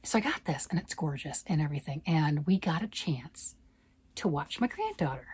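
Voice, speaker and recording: A woman's voice: low-pitched, lively intonation, moderate pace, a little mellow, breathy edge, no room sound. An older woman, a grandmother, chatting casually about yarn and knitting on her vlog, rambling and often asking "right?". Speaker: yarn vlogger. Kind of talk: casual chat.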